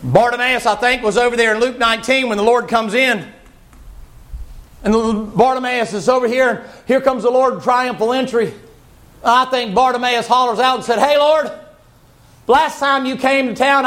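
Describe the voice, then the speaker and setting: A male preacher delivers a folksy sermon. His voice sits very high and often climbs into shouts. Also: steady tone, moderate pace. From Southern United States.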